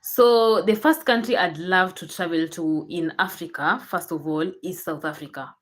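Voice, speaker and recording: A woman's voice: lowish voice, normal speed. A young Kenyan woman with a Kenyan accent, chatting casually to her viewers with frequent restarts. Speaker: YouTuber. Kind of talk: casual chat to camera.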